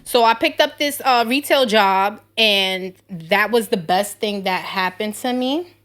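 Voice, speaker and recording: Brash, bright-voiced woman host. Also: mid-range voice, measured pace. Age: 30s. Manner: brash, profane storytelling with animated quoted voices. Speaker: podcast host. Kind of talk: casual chat.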